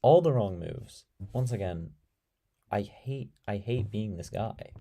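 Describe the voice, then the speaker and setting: A man's voice: lowish voice, expressive, slow, gravelly, dark tone, a little hiss or hum. A young man with an American accent, hosting a casual live stream and answering viewer comments with dry sarcasm. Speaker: live-stream debate host.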